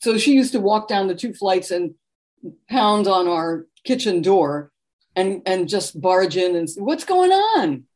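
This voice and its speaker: A woman from New York, a guest author telling animated anecdotes in an interview. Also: medium pitch, a little slow. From New York, USA. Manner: animated anecdotal storytelling with laughter. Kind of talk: conversational interview storytelling.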